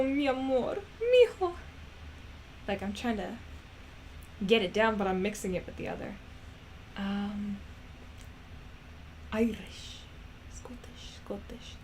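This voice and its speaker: A woman's voice: mid-range voice, slight background noise. A young woman chatting casually to her own recording as she tries out accents, giggly and self-conscious, getting flustered at her own slips. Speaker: creator practicing accents.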